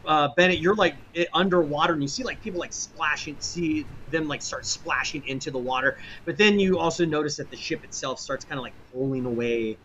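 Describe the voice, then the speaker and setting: Rambling game master, bright voice. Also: male voice, a little high, fairly quick, few pauses, muffled recording, slight background noise. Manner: rambling, filler-heavy storytelling. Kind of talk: narrating a tabletop game.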